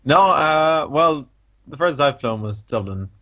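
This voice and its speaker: A man's voice: on the high side, animated, a little slow, a bit bright, highs cut off. Easygoing male guest co-host. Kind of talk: casual chat.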